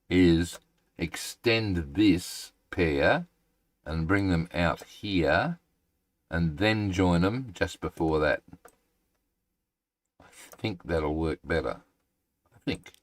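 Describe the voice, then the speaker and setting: A man streaming a game live, thinking aloud in a halting, rambling way and chatting to his viewers. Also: deep voice, no room sound.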